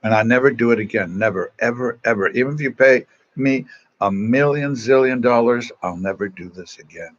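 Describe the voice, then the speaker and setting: A man's voice: medium pitch, brisk, highs cut off. Chatty man telling stories on a phone stream. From East Los Angeles. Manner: chatty, self-mocking, reads out viewer comments. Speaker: Salesian religious brother on a livestream. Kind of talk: casual storytelling to online viewers. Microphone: phone propped at an angle.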